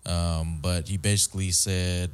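A man's voice: sits low, flat delivery, measured pace, clean tone. A man from Guam hosting a podcast, chatting in a rambling, hesitant way full of fillers and casual swearing. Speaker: podcast host.

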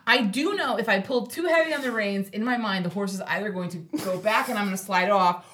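A woman telling a story as a podcast guest in casual chat, animated and laughing often. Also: medium pitch, a little fast.

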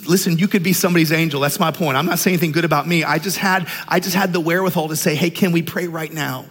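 Pastor, man, 50, conversational and energetic sermon, slightly high voice, reverberant hall sound. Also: fast. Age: 50s. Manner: energetic, conversational, animated with rising intensity. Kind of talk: sermon storytelling. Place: church sanctuary. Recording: church hall with long reverb.

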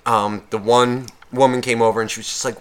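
A man co-hosting a podcast, telling a rambling story full of swearing in casual, animated talk. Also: medium pitch, fairly quick, clear, resonant tone. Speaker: podcast co-host.

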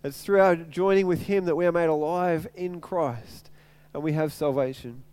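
A man's voice: on the high side, normal speed, darkish tone, smooth, dry recording. A middle-aged man preaching a sermon in an earnest way, repeating phrases to drive his point home. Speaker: pastor.

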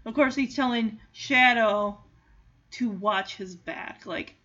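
A woman's voice: a little high, takes it slowly, sharp tone. Giggly woman recapping a movie. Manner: chatty, giggly, acts out lines. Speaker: movie reaction vlogger. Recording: dull lo-fi audio.

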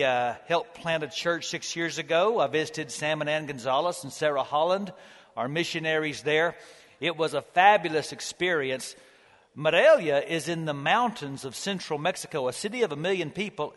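A male pastor preaching a sermon, animated and emphatic, with dry humor. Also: a little high, big-room sound. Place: church auditorium.

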